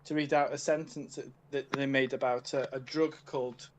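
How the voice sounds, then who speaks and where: A man's voice: mid-range voice, flat delivery, moderate pace. A man co-hosting a casual podcast chat, rambling and stopping to restart, often breaking into laughter. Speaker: podcast co-host. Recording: faint background noise.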